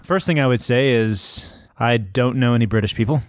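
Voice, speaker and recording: A man's voice: mid-range voice, moderate pace, no room sound, clean studio sound. A man co-hosting a podcast in laid-back, wry casual chat. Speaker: podcast co-host.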